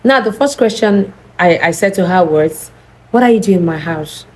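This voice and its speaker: Lively Nigerian woman telling a story. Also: lowish voice, moderate pace, rough recording. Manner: animated storytelling, acting out both sides of the dialogue. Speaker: vlogger. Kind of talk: storytime vlog.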